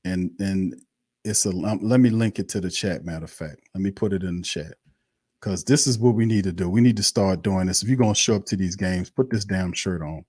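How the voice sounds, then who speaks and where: A man's voice: deep voice, a little fast, darkish tone, breathy edge, no echo. A man hosting a live sports stream, ranting bluntly and profanely, repeating himself in heated bursts. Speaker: sports show host.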